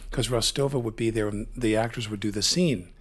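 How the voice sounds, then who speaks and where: Low-voiced male host telling stories. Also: brisk, husky. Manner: chatty storyteller who acts out anecdotes. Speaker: interview host. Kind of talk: casual interview on a live stage. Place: theater stage before a live audience.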